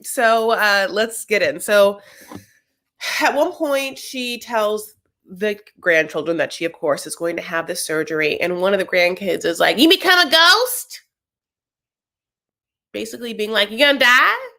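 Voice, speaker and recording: A woman's voice: medium pitch, moderate pace, a bit bright. A young adult woman hosting a casual TV recap, chatty and sassy with rambling asides. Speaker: host.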